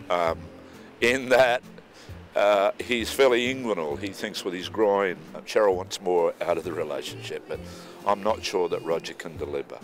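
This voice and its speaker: Very deep wry actor. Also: male voice. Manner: wry, wordy, dry humor. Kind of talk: behind-the-scenes interview. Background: background music.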